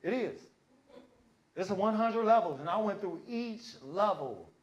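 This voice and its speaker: A man doing stand-up comedy, telling an animated, profane story and acting out the voices of others. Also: high-pitched, a little slow, lo-fi sound. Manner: profane, slangy. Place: comedy stage before a live audience.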